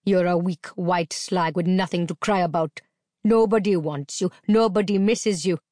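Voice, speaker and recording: A woman's voice: fairly low pitch, fairly even intonation, measured pace, a little mellow, no room sound, clean studio sound, close to an everyday voice. A woman voicing a snarling brutal man. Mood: contemptuous. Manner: snarling, demanding. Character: brutal, menacing grown man, snarling threats.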